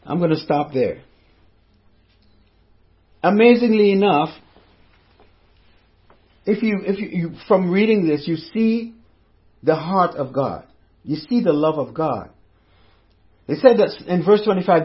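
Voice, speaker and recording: A man's voice: sits high, lively intonation, unhurried, long pauses, dull audio. A male preacher giving a sermon in a conversational way, repeating phrases and speaking directly to his listeners.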